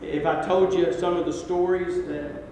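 A man preaching a sermon in a folksy way, rising to emphatic peaks and then dropping quiet. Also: on the high side, fairly even intonation, moderate pace. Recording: very echoey hall with faint noise.

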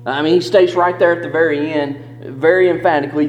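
A man preaching a sermon, reading scripture and explaining it in an earnest, emphatic way, slowing down on key verses. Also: a little high, steady tone, over music. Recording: echoey hall with long reverb.

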